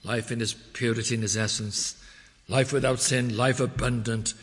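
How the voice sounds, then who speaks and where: A man preaching a measured expository sermon, quoting scripture in old English wording. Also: medium pitch, steady tone. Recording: long reverb of a church hall.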